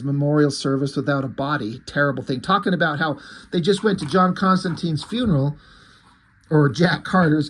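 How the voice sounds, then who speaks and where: A man casually reading through a comic and commenting on it as he goes. He is enthusiastic, swears freely and thinks out loud. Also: on the high side, a little hiss or hum. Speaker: comic book reviewer.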